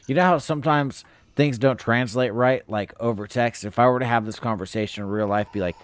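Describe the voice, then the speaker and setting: A man's voice: lowish voice, a little fast, smooth. A young man from California chatting casually and profanely with his viewers while he plays a game live. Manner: laid-back, profane slang, chatting with viewers. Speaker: streamer playing a horror game. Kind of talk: casual live-stream chat.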